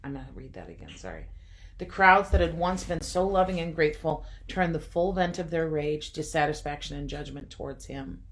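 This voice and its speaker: Woman, low-pitched voice, devotional reading, reflective, wry asides, home recording. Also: lively intonation, a little fast.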